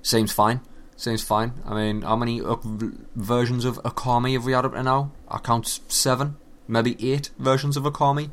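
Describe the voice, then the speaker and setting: A man giving a casual, animated and profane running commentary on video games. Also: mid-range voice, normal speed. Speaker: gaming commentator.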